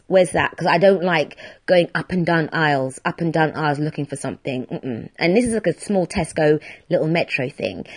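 A woman with a low, husky voice hosts a solo podcast, chatting casually in a rambling, self-deprecating way.

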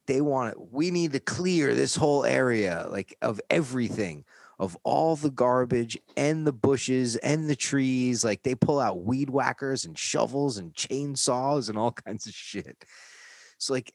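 A man's voice: medium pitch, expressive, moderate pace, gravelly, dry recording. A man from New York telling a rambling, profane story in casual chat on a close studio mic.

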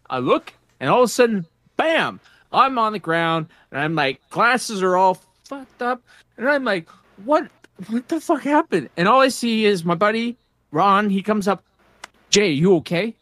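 Animated swearing man from Canada. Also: a little high, dry recording. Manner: animated, swearing, laughing storyteller. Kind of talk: casual chat, storytelling.

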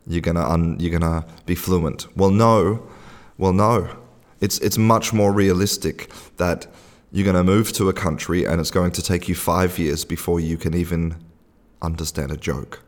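A man explaining in a relaxed, conversational way, often repeating himself and using fillers like "you know.". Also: low voice. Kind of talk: casual explanatory talk.

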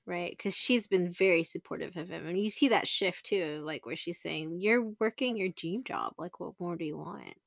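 A woman's voice: lowish voice, moderate pace, vocal fry, few pauses, dry recording, studio quality. Laughing, slangy woman podcast co-host. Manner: laughs often, casual slangy talk. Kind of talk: casual chat.

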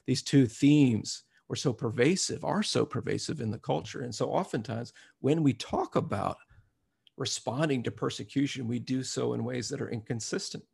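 A man's voice: medium pitch, normal speed, creaky, darkish tone, breathy edge. A man preaching a sermon, reflective at first and growing emphatic as he reads scripture aloud.

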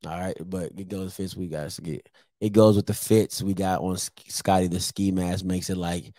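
A man's voice: low-pitched, steady tone, moderate pace, dark tone, no echo. A man in his thirties hosting a sports picks show, ranting casually to camera with slang and laughing asides. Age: 30s.

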